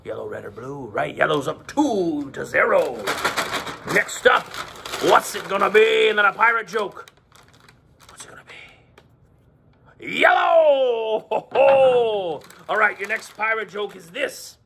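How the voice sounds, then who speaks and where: Fields: Voice: a man doing a jolly growling pirate. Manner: slow, gravelly, lively. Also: high voice, noisy background, full character voice. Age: 40s. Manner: growly pirate "arr"s, joking with the children. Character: jolly male pirate, hearty and playful. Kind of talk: pirate voice for a children's lesson.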